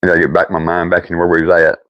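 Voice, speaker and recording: An older man with a Deep South accent, hosting a livestream and chatting casually with viewers in a folksy, rambling way. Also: completely flat delivery, racing, no room sound, dull audio. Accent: Deep South American. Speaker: livestream host.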